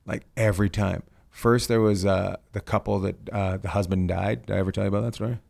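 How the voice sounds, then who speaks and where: A man's voice: lowish voice, fairly even intonation, brisk, creaky, a little mellow. A man hosting a podcast, telling rambling stories in casual chat and swearing freely. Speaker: podcast host. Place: lives in California.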